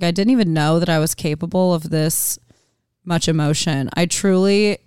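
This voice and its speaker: Woman, fairly low, smooth voice, dry close mic, rambling casual storyteller. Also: no room sound. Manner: chatty storyteller, many "like"s. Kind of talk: casual podcast chat.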